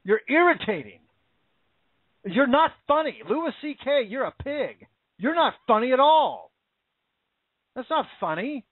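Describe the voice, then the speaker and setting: A man's voice: very high voice, big pitch swings, measured pace, pauses often, dry recording. An American man giving an indignant, repetitive political opinion rant. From United States. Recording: dry, phone-like narrow audio.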